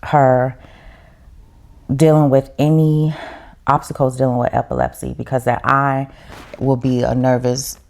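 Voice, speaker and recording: Very low, gravelly-voiced woman. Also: little pitch movement, measured pace, long pauses, a little mellow. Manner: heartfelt, reflective storytelling. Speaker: podcast guest. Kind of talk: casual chat.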